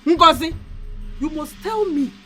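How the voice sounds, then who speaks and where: A woman's voice: high voice, expressive, a little slow, fairly bright tone. An actress with a Nigerian accent playing an indignant middle-aged mother who scolds and keeps insisting on an explanation. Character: indignant mother confronting her accuser. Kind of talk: Nollywood film acting. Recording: film dialogue with faint music.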